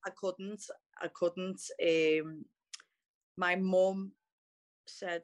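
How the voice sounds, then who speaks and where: A woman's voice: lowish voice, level tone, drawn-out words, pauses often. A young woman with a Liverpool accent tells her story to interviewers in a candid, casual way. She talks bluntly, swears freely and fills her speech with "like". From Liverpool, England. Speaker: MMA fighter, interview guest.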